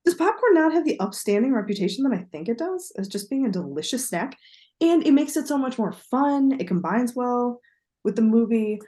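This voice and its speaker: A woman's voice: on the high side, sing-song, a little fast, mellow. A woman co-hosting a podcast in casual chat, talking in a chatty, digressive way and laughing easily. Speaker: podcast co-host.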